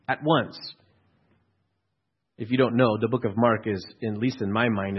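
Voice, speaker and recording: A male pastor preaches conversationally, telling stories and asking listeners rhetorical questions. His voice is lowish and slightly rough, captured in a dull lo-fi recording.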